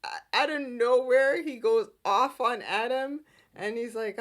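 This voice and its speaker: A woman hosting a podcast and recapping a soap opera in casual, animated chat with frequent giggles. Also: on the high side, a little slow. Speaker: podcast host.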